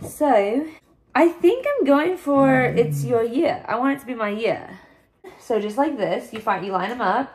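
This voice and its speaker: Casting: young woman vlogger, slightly high voice, chatty and rambling. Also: a little mellow. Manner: bubbly, chatty, rambling with restarts. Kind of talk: casual vlog chat.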